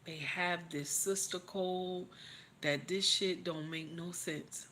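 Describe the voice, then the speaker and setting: A woman with a fairly low, sharp voice talks slowly and steadily on her livestream, a little hiss or hum audible behind her. Through tears, she offers preachy emotional motivation, repeating her encouragements many times.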